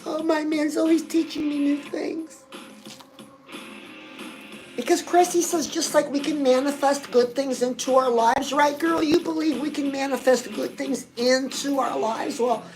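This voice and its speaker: Woman doing a gushy self-help girl guru, high sweet voice, loud music behind. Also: steady tone, measured pace, poor audio. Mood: gushing. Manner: gushing, chatty, keeps addressing the viewer as girl. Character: chirpy self-styled woman lifestyle guru, gushing, pushy. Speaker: host. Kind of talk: comic character monologue to camera. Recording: music playing loudly under the voice.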